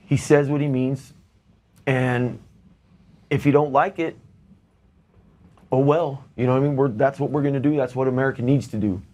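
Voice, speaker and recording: Slow-talking, blunt man. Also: medium pitch, a little mellow. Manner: blunt, plain-spoken. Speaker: podcast guest. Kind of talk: casual chat.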